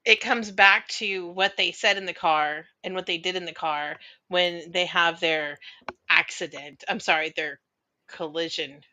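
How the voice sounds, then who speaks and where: A woman's voice: on the low side, steady tone, measured pace, bright, forceful tone. A woman in a casual film discussion, hesitant at first and giggly.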